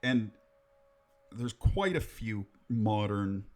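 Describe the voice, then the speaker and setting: A man's voice: on the low side, animated, extremely slow. A man co-hosting a podcast, telling ghost stories in casual, rambling chat, joking, swearing and laughing at his own jokes. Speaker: podcast co-host.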